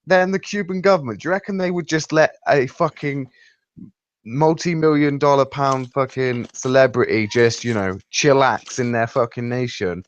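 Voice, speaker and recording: A man's voice: mid-range voice, normal speed, dull audio. A man in casual conversation, blunt and skeptical, swearing often.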